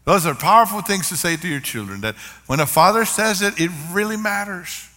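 A man's voice: high-pitched, expressive, fairly quick, pushed and bright. An older man preaching a sermon as pastor, earnest, with varied emphasis and stories. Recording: long reverb of a large hall.

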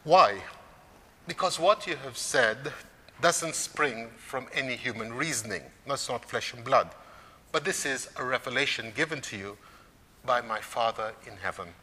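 Man preaching with a bright, ringing tone. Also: medium pitch, husky, big-room sound. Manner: measured preaching with rising emphasis. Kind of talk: sermon on scripture.

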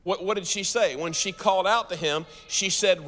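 A man with an American accent preaching a sermon to a church audience, talking fast and lively and turning to the crowd with questions. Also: high-pitched, big-room sound. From United States. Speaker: pastor.

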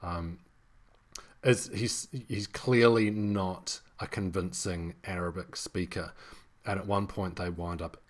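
A man's voice: deep voice, fairly even intonation, slow. A man co-hosting a podcast, discussing a film in casual chat with many restarts and fillers. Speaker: podcast co-host.

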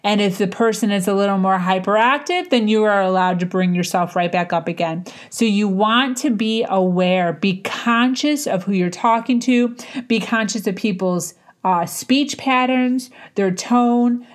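A woman talks through her advice in a loose, unscripted way, full of "like" and "um" and restarted sentences. Her voice sits in an ordinary middle register. She stretches some words slowly and rushes through others, like someone teaching informally off the cuff. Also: mid-range voice, clean tone. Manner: conversational, frequent fillers and restarts, varied tempo. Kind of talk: casual instructional talk.

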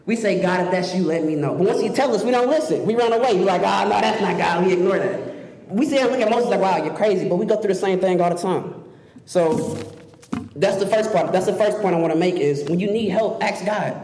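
Fast-talking young man preaching in an echoey hall. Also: high-pitched. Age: young adult. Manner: excitable, rushes ahead. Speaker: student speaker. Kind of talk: youth sermon. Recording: echoey hall with faint noise.

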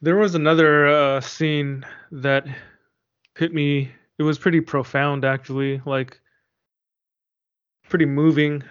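A man chatting casually about a book, his voice smooth and resonant and pitched a little high for a man. He talks hesitantly, stopping and restarting as he searches for words. The recording sounds dull and lo-fi. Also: little pitch movement, takes it slowly, long pauses, a bit bright. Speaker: discussion participant.

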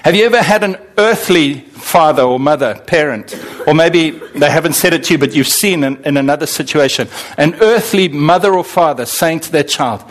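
A man from Zimbabwe, preaching a sermon with animated, dramatic swings in delivery. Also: moderate pace, hardly any pauses. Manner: animated, with sudden dramatic swings in pitch and pace. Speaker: pastor.

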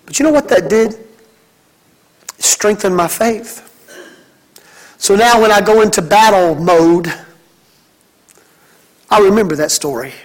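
Male pastor, high-pitched, fervent sermon delivery with repeated phrases. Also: takes it slowly, long pauses, rough recording. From Mississippi. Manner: preaching with emphatic, rhythmic repetition.

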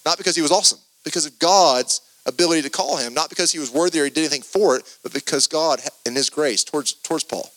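A man preaching a podcast sermon, earnest and animated, reading scripture with emphatic stress and loose restarts. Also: a little high, quick pace, hardly any pauses, rough recording.

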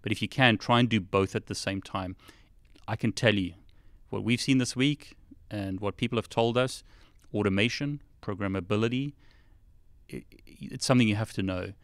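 A man's voice: lowish voice, normal speed, fairly bright tone, no room sound, studio quality. A man co-hosting a live stream, giving plain-spoken advice on study time. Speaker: co-host.

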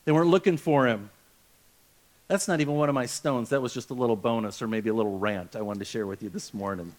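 A male pastor giving a sermon in a relaxed storytelling way, often acting out the voices of the people he quotes. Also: mid-range voice, quick pace.

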